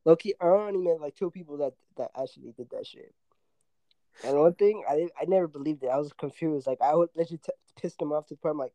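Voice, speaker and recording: A young man co-hosting a podcast, talking in a relaxed way, swearing freely and laughing often. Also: fairly high pitch, fast, dry recording, low-quality recording. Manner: laid-back, swears a lot, laughs often. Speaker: podcast co-host. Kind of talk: casual chat.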